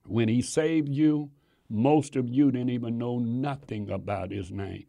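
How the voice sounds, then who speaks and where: A man's voice: medium pitch, a little slow, creaky, warm tone. A man preaching a sermon to his congregation, emphatic and repeating phrases for stress.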